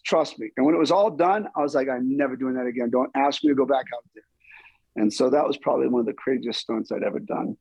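A middle-aged man, a stunt performer, telling stories in an interview with lively, acted-out dialogue. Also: on the high side, vocal fry, husky, no echo, rough recording. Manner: animated, acts out quoted dialogue. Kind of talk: storytelling interview.

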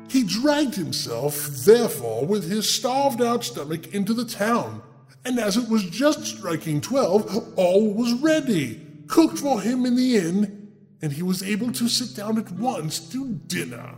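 Lively high-voiced sarcastic male storyteller. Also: unhurried, soft background music. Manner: sardonic, mocking asides to the listener. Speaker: storyteller host. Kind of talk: dramatic fairy tale reading with sarcastic asides.

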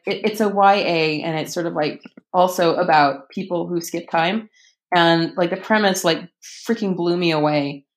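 A woman author talking casually about books, chatty, with many fillers and animated quoting. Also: deep voice. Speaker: author guest. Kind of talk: casual podcast conversation.

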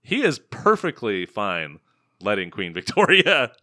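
A man co-hosting a casual film-review podcast, sarcastic and quick to laugh, his sentences trailing off quietly at times. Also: on the low side, huge pitch swings, dry recording, studio quality. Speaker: podcast co-host.

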